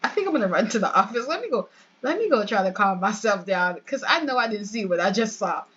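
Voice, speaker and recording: A woman voicing an exasperated young man, dropping her voice low to play him. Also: animated, fast, a bit bright, close to an everyday voice. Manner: lowered voice, exasperated. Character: shocked young man, the boyfriend. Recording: dull lo-fi with faint hiss.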